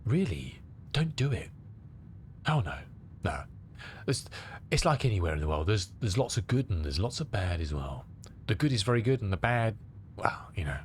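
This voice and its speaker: A middle-aged man from England, slightly under the weather with a cold, talks loosely with his stream chat. His voice sits low but swings widely in pitch as he rambles through the viewers' questions. A faint rumble hums behind him. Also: sing-song, normal speed, pauses often. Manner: rambling, chatty, answers chat aloud. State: has a cold. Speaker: flight sim streamer.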